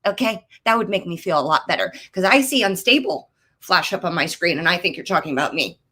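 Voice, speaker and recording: A woman in her thirties performs stand-up from her home office, speaking into a computer mic on a video call. Her voice is bright and sharp, and she rants, her pitch jumping way up on punchlines. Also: fairly quick, breathy edge. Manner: animated, ranting, jumps into high-pitched outbursts. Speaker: stand-up comedian. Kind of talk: stand-up comedy set over video call.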